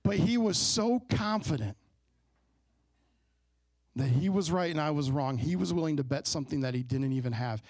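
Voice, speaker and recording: A man in his thirties preaching a sermon in a relaxed, conversational way, telling a family story and asking the congregation questions. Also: fairly high pitch, normal speed, pauses often, dry recording. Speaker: pastor. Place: church sanctuary.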